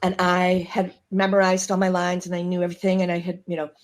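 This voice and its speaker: A woman from Chicago, a guest actress telling stories in casual chat, animated and laughing as she acts out the people she quotes. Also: lowish voice, quick pace. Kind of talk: casual storytelling.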